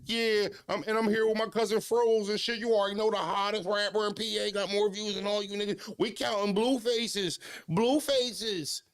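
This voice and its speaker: A man's voice: high voice, steady tone, normal speed, hardly any pauses, clear, resonant tone, pitched above the performer's own voice. A man mimicking a boastful young wannabe rapper bragging to his camera in a showy, hyped voice.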